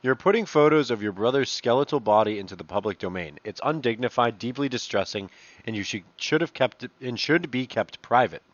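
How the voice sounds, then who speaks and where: A man's voice: medium pitch, lively intonation, fairly quick, dry recording, lo-fi sound. A man casually reads online messages aloud and adds profane, mocking asides between them. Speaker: commentator reading online posts. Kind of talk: casual reading and commentary.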